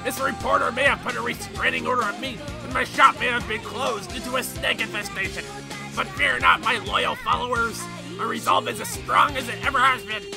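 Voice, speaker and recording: A man's voice: extremely high pitch, wildly swooping pitch, brisk, creaky, music in the background, heavily acted. A man doing a grandiose disgraced showman. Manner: grandiose, theatrical. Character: pompous disgraced male showman addressing followers.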